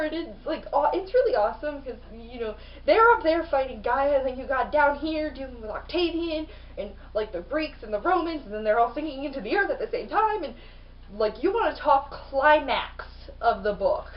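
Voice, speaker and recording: A woman reviewing books in a casual vlog, chatty and rambling, full of "like" and gushing with excitement. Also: sits high, moderate pace. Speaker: book reviewer. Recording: distant mic, dull lo-fi sound.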